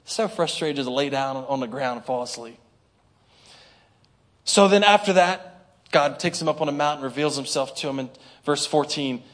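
An animated male pastor delivers a sermon in a fairly high voice. He breaks into whiny complaining prayers and calls for responses from his congregation. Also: moderate pace, pauses often. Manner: talks straight to the congregation with call-and-response.

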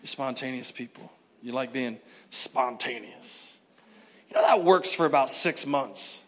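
A man preaching a sermon as pastor, retelling scripture in a lively, conversational way with slang. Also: mid-range voice, unhurried.

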